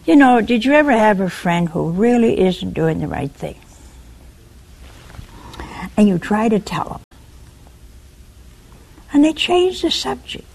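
A woman's voice: medium pitch, a little slow, creaky, long pauses, slightly rough. A woman preacher delivering a sermon, talking straight to her listeners and asking them questions. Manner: animated, questioning the listeners directly.

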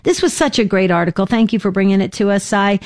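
A woman in her fifties co-hosting a talk show, telling an emotional story with lively voiced quotes. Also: medium pitch, fast, dry recording, clean studio sound. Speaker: co-host.

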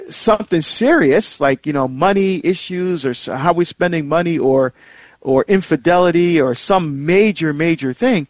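A middle-aged man hosting a marriage series, telling a personal story in a rambling, conversational way, with many fillers and restarts and sharp jumps in pitch when he stresses a point. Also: moderate pace, dry recording.

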